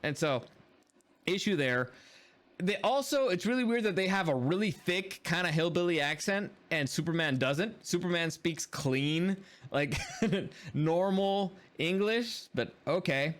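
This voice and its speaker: A man's voice: high-pitched, animated, measured pace, fairly bright tone. A man giving a casual, rambling film review in a blunt and dismissive way. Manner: blunt and dismissive, repeats words like "dumb"; loose and rambling, with many fillers and restarts.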